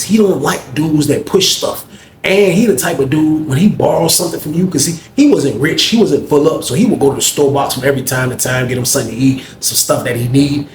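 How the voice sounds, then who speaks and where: A man from Norfolk, Virginia telling a story in casual slang, animated and constantly saying "man". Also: medium pitch. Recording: echoey room, faint noise.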